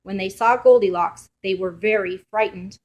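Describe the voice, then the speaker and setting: A woman reading a children's picture book aloud as a storyteller. Her telling is expressive and playful, suited to young listeners. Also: mid-range voice, moderate pace.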